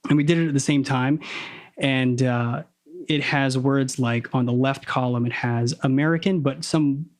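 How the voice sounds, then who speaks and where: A man's voice: medium pitch, steady tone. A man talking as a podcast guest, over-enunciating his words on purpose and stopping to correct himself as he probes ideas. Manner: deliberately crisp, over-enunciated diction; analytical, probing, self-correcting. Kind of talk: casual conversation.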